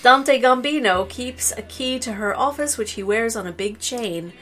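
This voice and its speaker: A woman co-hosting a let's play, chatting casually and reading game text aloud in a playful, deadpan way. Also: a little high, normal speed, faint music behind, poor audio.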